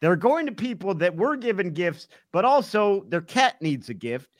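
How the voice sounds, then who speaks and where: A man co-hosting a comedy podcast, telling stories with plenty of uhs and sometimes trailing off quietly. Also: high voice, very animated, moderate pace, no room sound, studio quality. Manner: storytelling, many ums and uhs, drops to near-mutter. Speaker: podcast co-host. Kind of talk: casual comedic chat.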